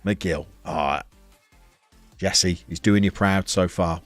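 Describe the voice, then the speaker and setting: A low-voiced man chats through a live game stream, reading out messages from his viewers. His delivery is playful and conversational, with sudden excited outbursts at the game. The sound is dry and close, with faint music underneath. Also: slow pace, pauses often, no echo. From England.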